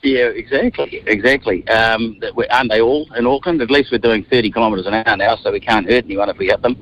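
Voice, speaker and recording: A New Zealand man around fifty, a radio guest telling lively stories from a moving car. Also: on the low side, quick pace, a little hiss or hum, rough recording. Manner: animated storyteller, acts out quotes. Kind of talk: casual radio interview.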